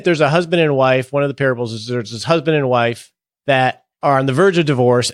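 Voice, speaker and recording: Animated man hosting a podcast. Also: medium pitch, dry recording, studio quality. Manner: jokey, conversational. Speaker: podcast host and financial planner. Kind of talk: casual podcast chat and explainer.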